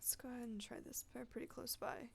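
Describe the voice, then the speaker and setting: A woman's voice: on the high side, flat delivery, quick pace, creaky, slight background noise. A woman hosting a let's play, chatting casually and poking fun at herself as she plays. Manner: chatty, self-deprecating. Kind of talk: casual game commentary. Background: faint game music.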